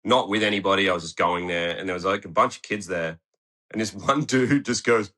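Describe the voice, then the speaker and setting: Low-voiced, sweary young man. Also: brisk, bright, forceful tone. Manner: rambling storyteller who swears freely and acts out quotes. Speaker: guest skateboarder. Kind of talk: casual interview chat. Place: podcast studio.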